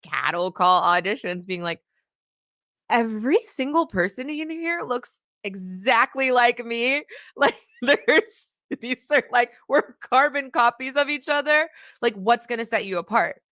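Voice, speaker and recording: A woman's voice: on the high side, lively intonation, measured pace, bright, forceful tone, dry recording, studio quality. Giggly woman from Canada. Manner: laughs often while telling stories. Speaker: interview guest. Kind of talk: casual interview chat.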